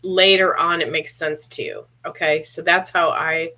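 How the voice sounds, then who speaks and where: Throat-clearing woman with a bright, tense voice. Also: deep voice, fairly even intonation. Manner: halting, searching delivery with frequent throat clearing; addresses a viewer directly with questions. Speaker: psychic medium. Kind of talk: live-stream psychic reading.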